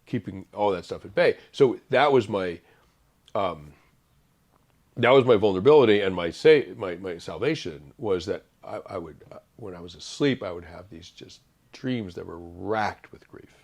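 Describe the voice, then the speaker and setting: A middle-aged man speaking as an interview guest, thoughtful and halting, with many fillers and restarts. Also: sits low, expressive, darkish tone. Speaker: author guest. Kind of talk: reflective interview conversation.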